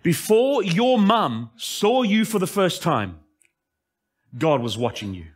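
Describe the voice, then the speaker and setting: A male pastor preaching an impassioned sermon that swings between emphatic lines and hushed asides. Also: sits high, sing-song, takes it slowly, husky.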